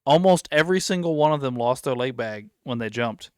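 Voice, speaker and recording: A man's voice: mid-range voice, animated, a little fast, smooth, no echo, clean studio sound. A man hosting a casual podcast, telling stories at length and acting out what people said. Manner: rambling storyteller, acts out quotes. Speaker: podcast host.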